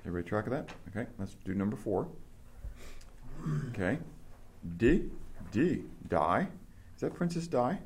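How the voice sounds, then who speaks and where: A man with a somewhat low voice leads a small class through grammar. He asks questions and explains each point patiently. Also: sing-song, normal speed, slight background noise. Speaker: Greek teacher. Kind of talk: classroom instruction.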